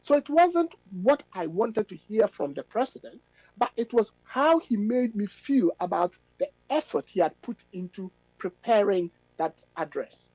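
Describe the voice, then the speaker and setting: A middle-aged academic man, giving measured, analytical radio interview answers with emphatic stresses. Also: high voice, lively intonation, darkish tone, no echo, lo-fi sound. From Ghana. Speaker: policy fellow and academic guest.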